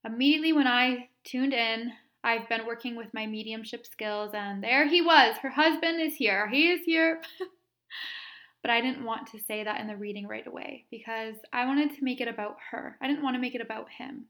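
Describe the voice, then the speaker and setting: A woman hosting a podcast, tearful and sniffling as she earnestly tells a story, laughing softly between phrases. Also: fairly high pitch, normal speed. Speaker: podcast host and Reiki practitioner. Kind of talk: casual solo podcast storytelling.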